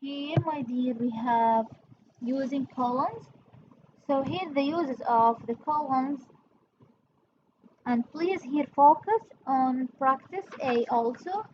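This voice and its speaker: A woman teaches grammar slowly and patiently in a fairly high voice. The recording is a little dull, with a faint hiss behind her. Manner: patient, explains step by step, calls listeners "my dear". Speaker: English teacher. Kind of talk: classroom revision lesson.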